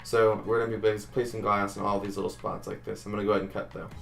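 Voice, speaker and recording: A man's voice: lowish voice, flat delivery, fast, gravelly, faint music behind. A man hosting a casual game-building tutorial, talking chattily to viewers and counting blocks aloud. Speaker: Minecraft tutorial host.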